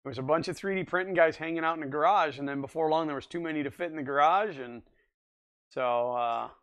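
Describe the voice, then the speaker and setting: A man with a fairly high, smooth, resonant voice hosts a relaxed livestream. He chats loosely and rambles, stopping often to respond to viewers in the chat. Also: quick pace. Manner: rambling, chatty, answers viewer comments. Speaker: livestream host.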